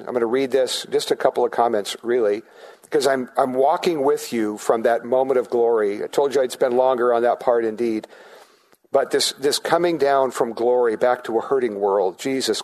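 A man's voice: mid-range voice, darkish tone. A man preaching a sermon as pastor, in a conversational way, asking the congregation questions and often restarting his sentences.

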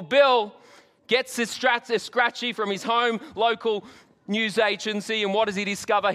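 Lively Australian pastor in a reverberant church. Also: male voice, high-pitched. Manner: animated storyteller, jokey asides. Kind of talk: Easter sermon. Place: church hall. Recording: long hall reverb.

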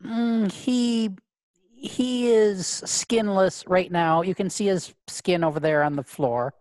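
A woman voicing a hulking, childlike and creepy male bounty hunter in a tabletop game, talking slowly and hesitantly. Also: medium pitch, darkish tone, pitched above the performer's own voice, natural voice. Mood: creepy calm.

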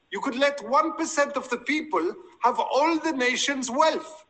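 Give me a grandiose dictator with a thick foreign accent, giving a speech in a long-reverb hall. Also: male voice, very high-pitched, a bit bright, full character voice. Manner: grandiose, declaiming to a crowd. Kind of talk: film comedy speech.

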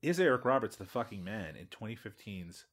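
A man's voice: lowish voice, big pitch swings, fairly quick. A man hosting a casual podcast, playful and mock-dramatic, swearing freely. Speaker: podcast host.

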